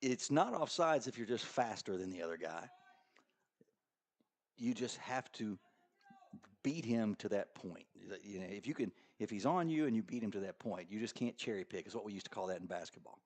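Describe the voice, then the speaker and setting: Joking man calling a school soccer game. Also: moderate pace. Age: middle-aged. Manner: joking, bursts into excited high calls. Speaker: play-by-play commentator. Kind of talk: local sports commentary.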